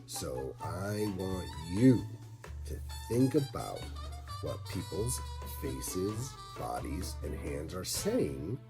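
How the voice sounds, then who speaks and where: A man narrating a lesson for children, talking slowly and deliberately and addressing the kids directly. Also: low voice, huge pitch swings, over music. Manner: slow, deliberate, talks straight to kids. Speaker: teacher.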